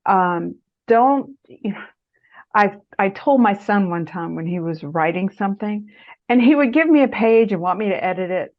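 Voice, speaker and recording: A woman's voice: medium pitch, moderate pace. A middle-aged woman, an author, giving writing advice in an interview and acting out quotes with a lifted voice. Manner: animated storyteller, acts out quotes in a raised voice. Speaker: author and guest speaker. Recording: muffled lo-fi audio.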